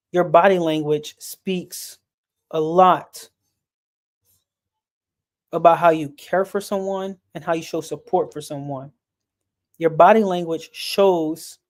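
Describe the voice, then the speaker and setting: A speaker on a sports and mental health stream talks earnestly and personally, in a casual manner. His voice sits slightly above typical male pitch and is a little mellow, staying flat and unvaried as he repeats words while he hunts for the next ones.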